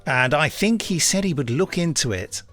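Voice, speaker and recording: A man hosting a podcast, chatting in a relaxed, anecdotal way and reading listener emails aloud with wry asides. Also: on the high side, normal speed, soft background music. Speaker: podcast host. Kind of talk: casual chat.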